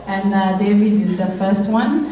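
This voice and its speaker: A middle-aged woman from Rwanda with a French accent, giving a halting speech as a charity founder at a gala. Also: medium pitch, mellow, a little hiss or hum. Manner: halting, with many fillers. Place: event hall. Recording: roomy hall audio from far off.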